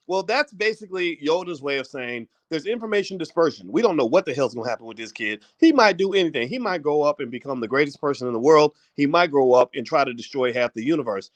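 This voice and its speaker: A man giving a casual, animated talk on finance straight to his viewers at a desk mic, with folksy asides. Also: fairly high pitch, fast, hardly any pauses, no echo. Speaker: finance commentator. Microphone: desk microphone.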